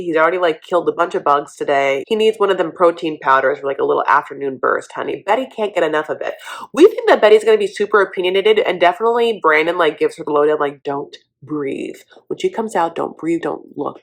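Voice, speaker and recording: A woman's voice: on the low side, fairly bright tone. A woman hosting a reality TV recap with sassy, gossipy commentary, tossing in "honey" a lot.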